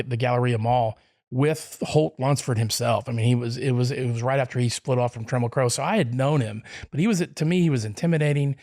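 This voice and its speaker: A man's voice: mid-range voice, darkish tone. A middle-aged man, telling a long personal story in an interview, rambling with many restarts and fillers. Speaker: podcast guest. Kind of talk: casual storytelling.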